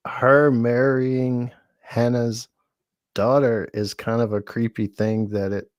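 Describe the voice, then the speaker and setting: A man's voice: lowish voice, no echo. A man guesting on a casual live episode discussion, easygoing and agreeable, with an occasional joke. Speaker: podcast guest.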